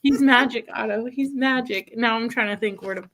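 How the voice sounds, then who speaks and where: A woman's voice: a little high, normal speed, fairly bright tone. A woman in her thirties chatting casually, telling stories and laughing often. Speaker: podcast co-host. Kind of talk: casual chat.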